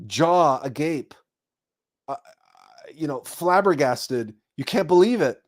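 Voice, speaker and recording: A man with a high voice delivers a spiritual talk as host. He tells it like a story and pops into raised, excited voices for the people he imagines. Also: slow pace.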